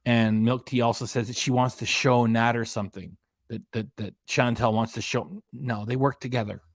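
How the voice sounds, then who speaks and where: A man from Ontario, Canada, hosts a live-stream reaction show. He gives opinionated, gossipy commentary full of rambling asides, in a voice of ordinary pitch. The sound is dry and close. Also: flat delivery, normal speed, no echo. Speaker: reaction channel host.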